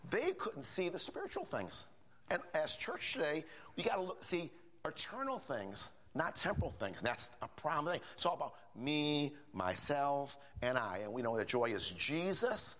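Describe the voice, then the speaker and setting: Older guy preaching, folksy and animated, voice bouncing way up and down. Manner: animated, rising to high emphatic bursts, folksy asides. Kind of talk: sermon.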